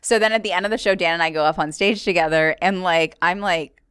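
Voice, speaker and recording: A woman comedian hosts a casual podcast chat and tells a long story. Her voice is smooth and clear, recorded close and dry. She acts out other people's lines by jumping up into a high, bright tone. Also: steady tone, fast talker, no echo. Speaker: podcast host.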